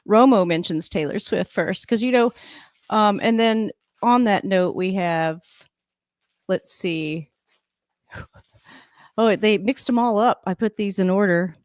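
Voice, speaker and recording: A woman's voice: mid-range voice, takes it slowly, pauses often. A woman hosts a casual live stream from home and reacts to a game on TV. She talks in a loose, rambling way and laughs often. Her voice sounds dry and close, with no room echo.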